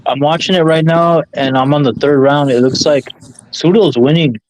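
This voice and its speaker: A man's voice: on the high side, steady tone, moderate pace, a little mellow, a little hiss or hum. A man calling into a boxing stream, speaking bluntly and defensively in casual chat. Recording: slightly dull call-in audio.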